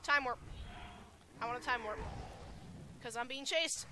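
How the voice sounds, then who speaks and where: A woman commentating her own gameplay live, excitably shouting spell names and taunts at opponents. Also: a little high, a little slow, background noise. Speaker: gaming channel host.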